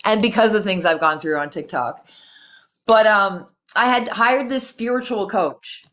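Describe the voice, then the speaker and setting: A woman hosting a casual spiritual chat, telling stories in a lively way, swearing freely and laughing often. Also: medium pitch, measured pace. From Canada. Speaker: host.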